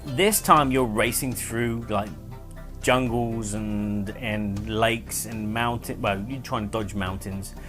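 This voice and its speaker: A man's voice: lowish voice, steady tone, slow, fairly bright tone, soft background music. A man hosting a casual board game review video, explaining rules in a chatty, rambling way with fillers and self-corrections. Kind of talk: casual monthly review chat.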